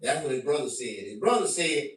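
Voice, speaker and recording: A man doing a profane stand-up rant to his stream, animated and bursting into shouts. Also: mid-range voice, brisk. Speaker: comedian. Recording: very echoey room, mic at a distance.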